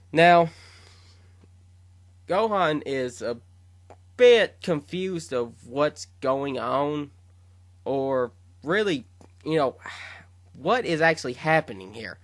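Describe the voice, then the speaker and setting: A man rambles through a fan story he wrote, stopping to correct himself and fill the gaps with um and uh. His voice is bright and forward. The sound is dry, with no room around it. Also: fairly high pitch, dry recording. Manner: rambling, with fillers and self-corrections. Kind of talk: casual retelling of a fan fiction story.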